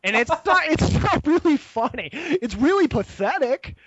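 A man's voice: very high voice, measured pace, lo-fi sound. A young man telling a rambling, profane story in casual chat, laughing as he goes. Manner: animated, profane, laughs while telling stories.

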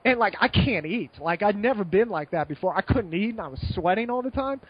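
A young man from the States with a rather high voice talks loosely through a story, piling up fillers and restarts as he goes. The sound is a little muffled and dull. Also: a little fast, slightly rough, dry recording. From United States. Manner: rambling, animated, lots of fillers and restarts. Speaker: guest. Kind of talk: casual podcast chat.

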